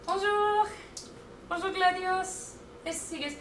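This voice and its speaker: A woman's voice: very high voice, unhurried, fairly bright tone, echoey room, far from the mic, slight background noise. A woman streamer chatting casually with her viewers as she cooks at home, reading chat aloud in a scattered, playful way. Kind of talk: casual chat while cooking. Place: home kitchen.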